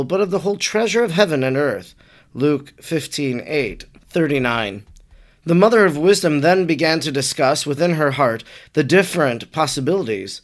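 Priest reading devotional text reverently. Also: male voice, on the high side. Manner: measured, reverent reading of old-style scripture prose.

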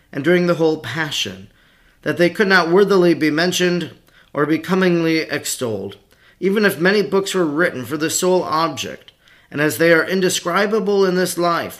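Man narrating a devotional text. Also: on the high side. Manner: steady, formal read-aloud delivery. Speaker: audiobook narrator.

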